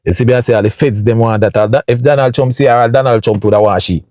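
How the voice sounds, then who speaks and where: A man's voice: fast talker, noisy background. A man with a Jamaican accent telling a story casually to his viewers, often checking in with "you see me" and acting out sounds. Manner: chatty, keeps addressing viewers with "you see me" and "people"; acts out sounds and voices with big jumps up in pitch. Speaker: storytime vlogger.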